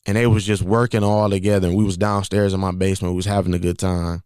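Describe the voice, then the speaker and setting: A young man with a fairly low voice recounts a personal story on his podcast. He speaks casually and conversationally, circling back to repeat key phrases. The sound is dry and close, with very little room. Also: flat delivery, fast talker, a little mellow, clean tone, dry recording. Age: 20s. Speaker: podcast host.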